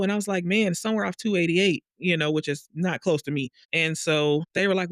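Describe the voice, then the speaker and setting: A woman telling a dream story in a casual monologue, acting out the other people in higher voices. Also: fairly quick, vocal fry, no echo, clean studio sound. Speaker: vlogger sharing a dream and astrology.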